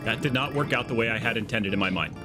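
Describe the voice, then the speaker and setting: Over background music, a man streams a game live, talking fast at a medium pitch. He's jokey and chats casually, riffing excitedly with his chat.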